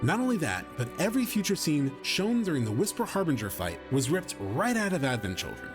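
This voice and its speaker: Lively man narrating a video essay. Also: a little high. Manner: explanatory, measured. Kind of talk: scripted narration. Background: music.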